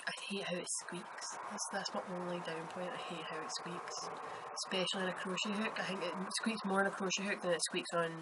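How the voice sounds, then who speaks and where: A woman's voice: lowish voice, fairly even intonation, a little fast, very noisy. A woman with a Scottish accent hosting a podcast, chatting casually and telling rambling stories. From Scotland. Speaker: podcast host. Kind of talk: casual chat.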